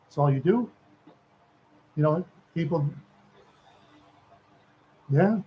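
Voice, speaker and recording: A man's voice: a little high, lively intonation, slow. Brief: man from Minnesota, rambling live-stream host, frequent chuckles, slightly lo-fi recording. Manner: chuckles often, repeats words, rambling.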